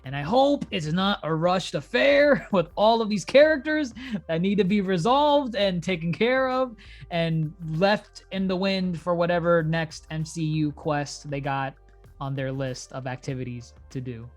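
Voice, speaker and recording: A man's voice: high voice, unhurried, faint music behind. A man hosting a casual podcast about TV shows, chatting loosely and laughing between his points. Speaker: podcast host.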